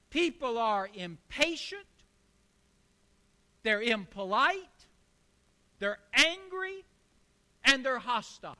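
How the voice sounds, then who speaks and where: A man in his sixties preaching with emphatic, repeated phrases and storytelling. His voice sits very high for a man. It sounds bright and forceful. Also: very animated, takes it slowly, long pauses. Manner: emphatic, repetitive rhetorical delivery. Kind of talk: sermon with storytelling.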